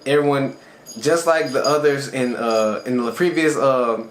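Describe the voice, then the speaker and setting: A man retells an anime episode in a loose, excited, conversational way, as a channel reviewer. The room sounds echoey, and a faint background noise sits under his voice. His pitch is mid-range for a man. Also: measured pace. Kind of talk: casual episode recap.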